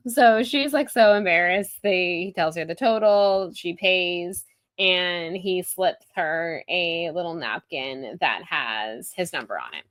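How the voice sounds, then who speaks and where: A woman's voice: lowish voice, a little slow, a bit bright, dry recording. A woman co-hosting a podcast, casually retelling a book's chapters in a chatty way, with lots of "like". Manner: chatty retelling, heavy use of "like". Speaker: podcast co-host. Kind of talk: casual book-discussion chat.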